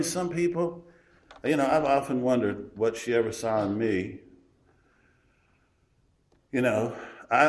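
A man preaching a sermon in a folksy, emphatic way, swinging from loud declarations to hushed asides. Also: medium pitch. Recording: roomy echo.

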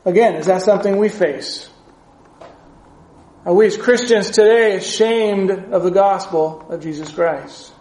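A man preaching a sermon in an earnest, measured teaching manner, reading scripture aloud as he goes. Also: sits high, a little mellow, reverberant, low-quality recording.

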